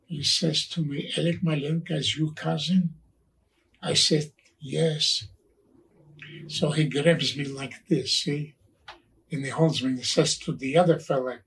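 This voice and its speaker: A man in his nineties giving personal testimony, halting and repeating words as he recalls events and quotes the people in them. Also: a little high, fairly even intonation, a bit bright, distant mic, rough recording. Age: 90s. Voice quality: gravelly, husky older voice. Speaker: Holocaust survivor telling his story.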